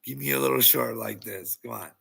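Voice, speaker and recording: A man's voice: mid-range voice, brisk, vocal fry, sharp tone, slightly rough. A man delivering a taunting, profane rant at his critics, mocking them and laughing often. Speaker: online video creator. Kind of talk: ranting monologue to critics.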